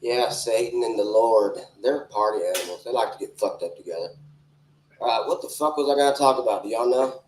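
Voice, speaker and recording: A man in his forties with a lowish, darkish voice, speaking a little fast over a faint hiss or hum, does crude, brash, rambling stand-up at a small club's open mic. He holds a handheld stage microphone, and the recording has a roomy club sound.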